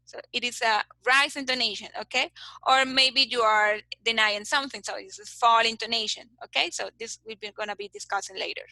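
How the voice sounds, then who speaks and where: A woman's voice: on the high side, a little fast, vocal fry, sharp tone, no room sound, poor audio. A woman teaching English phonetics in an online class, patiently explaining and ending her points with "okay?". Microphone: video call.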